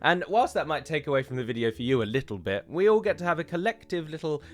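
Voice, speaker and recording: A man's voice: fairly high pitch, big pitch swings, fast talker. Chatty man commenting on a trailer. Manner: chatty, opinionated, with frequent fillers and self-corrections. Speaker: YouTuber reviewing a trailer. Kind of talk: casual commentary to viewers.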